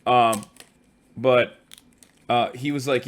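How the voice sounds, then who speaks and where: A man livestreaming from a hotel room, telling stories in a casual, profane, animated way. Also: mid-range voice, measured pace. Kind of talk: casual stream chat.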